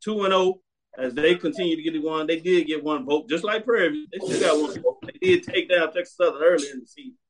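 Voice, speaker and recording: A man's voice: a little high, fast talker, a little hiss or hum. A man hosting a sports show, giving blunt, opinionated commentary and hammering his points with repeated commands.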